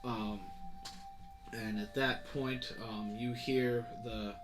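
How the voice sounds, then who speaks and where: A man's voice: medium pitch, flat delivery, very slow, music in the background. A man narrating a tabletop game as game master, loose and casual with many fillers. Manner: casual, many ums and kinda.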